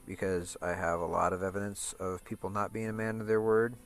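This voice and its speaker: A man's voice: sits low, steady tone, brisk, faint music behind. A man streaming a game, talking in a profane, rambling rant full of restarts and repeated words. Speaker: gaming streamer. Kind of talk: casual chat over gameplay.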